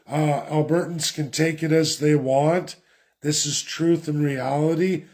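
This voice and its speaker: A man's voice: fairly high pitch, fairly even intonation, a little slow, darkish tone. A man from Canada ranting sarcastically in a political commentary vlog.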